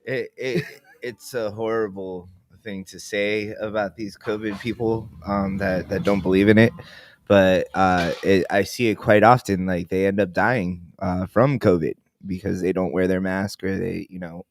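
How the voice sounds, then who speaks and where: A man's voice: low-pitched, steady tone, normal speed, a little hiss or hum. A man co-hosting a casual chat show, joking and laid-back, often restarting his sentences. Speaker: podcast co-host.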